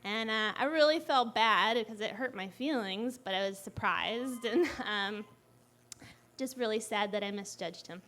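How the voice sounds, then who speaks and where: A young woman telling a personal story live, animated and often laughing as she talks. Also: a little high, a little slow, a little hiss or hum.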